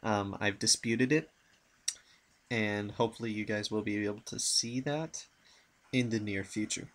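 A man's voice: on the low side, steady tone, unhurried, fairly bright tone. A young man rambling casually as he comments on his own gameplay. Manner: rambling, mumbling, playful asides. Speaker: gaming channel host.

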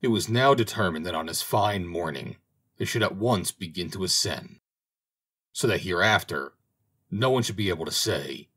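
A man reading a fairy tale aloud as an audiobook narrator, in an expressive, dramatic way. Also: low voice, normal speed, slightly rough. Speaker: audiobook reader. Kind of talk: storybook narration.

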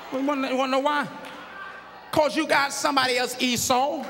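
Gravelly high-voiced preacher shouting. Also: male voice, little pitch movement, a little fast, a faint crowd. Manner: emphatic shouted preaching, colloquial and joking. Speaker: pastor. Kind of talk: sermon. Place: large church sanctuary with a congregation. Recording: live church sermon with long hall reverb.

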